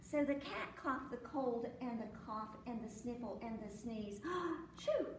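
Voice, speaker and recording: A woman librarian reads a children's picture book at storytime, performing sneezes and animal noises as she goes. Her pitch is fairly high and her delivery unhurried. The library room echoes, the mic is distant, and there is a little background noise.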